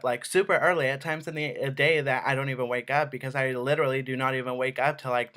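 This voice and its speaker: A man's voice: mid-range voice, bright, forceful tone. A young man ranting in an exasperated vlog, swearing and saying "like" a lot. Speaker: vlogger.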